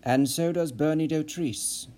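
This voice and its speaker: A man reading an audiobook, voicing a shrewd, seasoned spy who talks in a measured, pointed, dryly ironic way. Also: a little high, warm tone, lightly acted. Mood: grave. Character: shrewd seasoned male spy, dry and probing.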